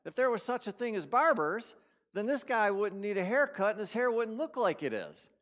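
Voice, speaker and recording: A man voicing a calm, patient male pastor inside a joke he tells during a sermon. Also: high-pitched, normal speed, pitched above the performer's own voice. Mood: pointed.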